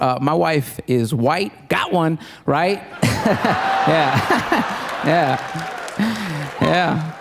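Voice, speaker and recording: A man performing stand-up comedy, telling animated, mock-exasperated stories on a stage mic before a live audience. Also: mid-range voice, gravelly. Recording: live crowd and noise.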